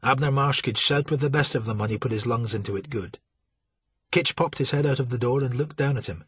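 A man narrating an audiobook in a steady, dramatic storytelling manner, with a husky voice. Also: mid-range voice, fairly quick, no echo.

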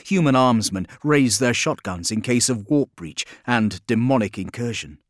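A man reading an audiobook in steady, measured scripted narration. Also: mid-range voice, dry recording, studio quality.

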